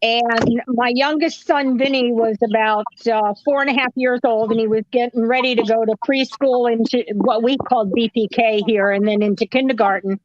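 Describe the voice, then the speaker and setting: A middle-aged woman in casual chat, telling a lively story and laughing at her own punchlines. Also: fairly high pitch, normal speed, hardly any pauses, muffled recording, background noise. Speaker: livestream guest.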